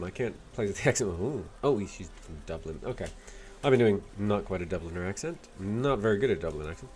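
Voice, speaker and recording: Low-voiced man playing a game. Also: animated, a little fast, hardly any pauses, darkish tone, faint music behind. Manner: chatty, self-deprecating, reads game text aloud. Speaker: let's play host. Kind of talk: game commentary and reading aloud.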